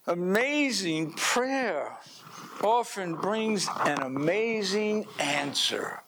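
A man preaching a sermon in an animated way, acting out scenes and often restarting his sentences. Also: sits high, slow pace, slight background noise.

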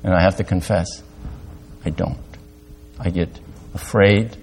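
An older man preaching a sermon as pastor, halting at times, rising to loud emphatic peaks and dropping to quiet, confessional lows. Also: steady tone, husky.

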